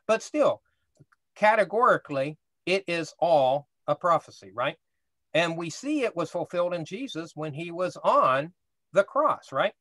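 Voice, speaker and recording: Higher-voiced man teaching a Bible class. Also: animated, unhurried, a bit bright, dry recording. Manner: conversational, explains step by step, asks "right?".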